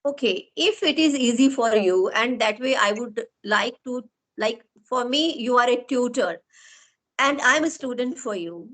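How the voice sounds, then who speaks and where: A woman's voice: fairly high pitch, lively intonation, measured pace, fairly bright tone, low-quality recording. A woman with an Indian English accent, hosting an online interview and asking long, winding, earnest questions. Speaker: interviewer and host.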